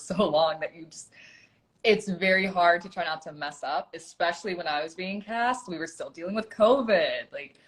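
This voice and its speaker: A woman who was once a contestant, chatting animatedly and poking fun at her own nerves in a casual interview. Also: sits low. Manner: chatty, animated, self-deprecating. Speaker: former contestant.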